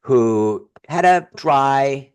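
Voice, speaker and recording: A man who is a guest on a podcast, speaking as a humor consultant, telling stories in a sarcastic, animated way. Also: medium pitch, drawn-out words, smooth. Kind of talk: casual podcast interview.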